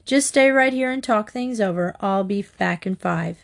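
A woman's voice: mid-range voice, moderate pace, creaky, natural voice. Woman reads a kindly middle-aged school official, formal and earnest, in a storybook.

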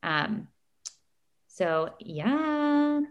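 A woman's voice: fairly high pitch, sing-song, very slow, dull audio. A tired woman, co-hosting a podcast and telling a story casually with lots of fillers. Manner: chatty, emotional storytelling with many fillers. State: tired, short on sleep. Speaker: podcast co-host. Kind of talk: casual chat.

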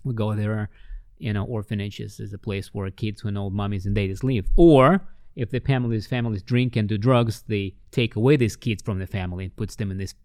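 A man tells stories in an interview, his low voice sitting dry and close to the mic. He slips into quoted voices with big leaps in pitch and then drops back to an even, earnest telling. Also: fairly quick, dry recording. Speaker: ministry worker. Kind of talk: interview storytelling.

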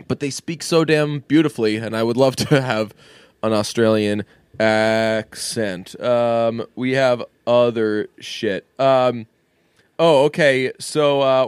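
A man's voice: medium pitch, clean tone, dry recording. Male podcast co-host, casual and profane, rambly; dry close mic. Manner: profane, rambling, laughs often.

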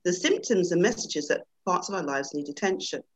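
Brief: middle-aged woman, panel guest, reflective, reads a story dramatically over a video call, low and very animated. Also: fairly quick, rough recording. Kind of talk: talk then storytelling.

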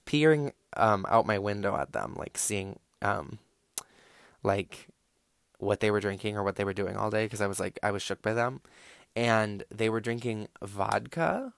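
A man's voice: lowish voice, no room sound, clean studio sound. A young man telling a casual, rambling story, full of "like" and swearing. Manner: rambling, filler-heavy, profane, lots of "like".

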